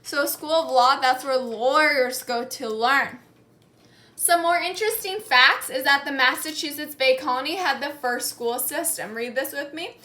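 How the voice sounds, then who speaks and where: Woman, teacher, call-and-response lesson, high bright voice, echoey room. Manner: slow, clear, repeating key words for learners to echo.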